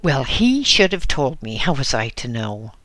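A man's voice: mid-range voice, big pitch swings, measured pace, dry recording. A man doing a tart, indignant lady customer. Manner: tart, sharp-tongued. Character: fussy indignant woman customer, middle-aged.

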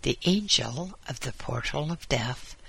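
A man narrating a whimsical story in a wry, unhurried manner. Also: mid-range voice, expressive, creaky, sharp tone, breathy edge. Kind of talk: storytelling reading.

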